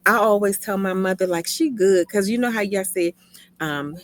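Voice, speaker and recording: A woman's voice: mid-range voice, moderate pace, dry recording. A woman in casual podcast chat, telling family stories in an emphatic, teasing way. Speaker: podcast co-host.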